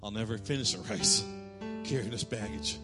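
A male pastor preaching a sermon in church, telling a lively story and calling out cheers in a raised voice. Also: on the low side, moderate pace, over loud music. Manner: animated storytelling, shouting quoted cheers.

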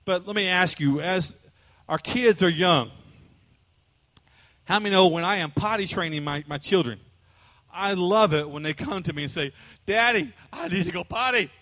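A male pastor with a high, bright, ringing voice delivers a folksy, humorous sermon, repeating himself and slipping into small acted scenes. His voice carries a long reverb from a large church hall. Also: normal speed, pauses often. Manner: folksy, repetitive, acts out little scenes.

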